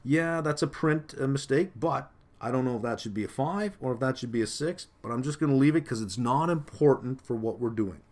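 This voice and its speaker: A man's voice: mid-range voice, brisk, hardly any pauses, a little mellow. Male finance lecturer, step-by-step explaining, asks the class questions, lots of uhs. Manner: explanatory, many fillers, asks rhetorical questions. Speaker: finance instructor. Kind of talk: recorded exam-prep lecture.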